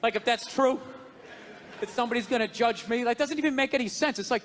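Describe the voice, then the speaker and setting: A man doing stand-up comedy shouts and rants in a very high, strained register, incredulous at every turn. The audience crowd and steady background noise of a live stage recording sit under his voice. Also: a little fast.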